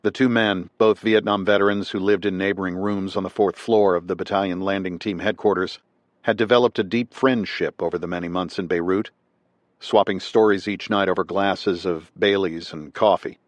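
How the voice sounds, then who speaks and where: Male audiobook narrator, low voice, dry booth sound, measured scripted delivery. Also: no room sound. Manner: measured, steady reading.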